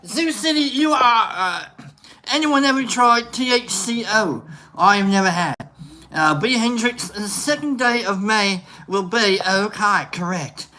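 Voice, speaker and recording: A man's voice: high voice, animated, measured pace, pushed and bright, voice pushed up, exaggerated voice. Format: a man putting on a hammy mock Australian-English accent. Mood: jokey. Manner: joking, rambling, reading out viewer names. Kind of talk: livestream chat to viewers.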